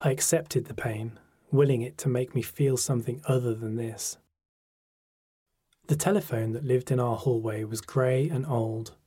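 A man reading a sombre first-person memoir in a measured, quietly emotional way. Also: medium pitch, breathy edge, no echo, studio quality.

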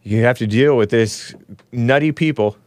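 A man's voice: mid-range voice, normal speed, darkish tone, dry recording. A man hosting a live call-in stream, rambling casually, laughing often and reading viewer comments aloud. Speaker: show host.

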